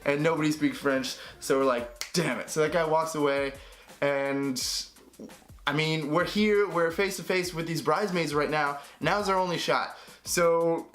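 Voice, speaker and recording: Animated young man telling a story. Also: on the high side, a little slow, faint music behind. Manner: animated, acts out quoted voices. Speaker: vlogger. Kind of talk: storytelling to camera.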